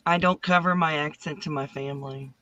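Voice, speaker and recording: A woman from the American South with a smooth voice, telling her story as an interview guest over a video call. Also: deep voice, steady tone, fairly quick, pushed and bright, no echo, lo-fi sound. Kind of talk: casual conversation.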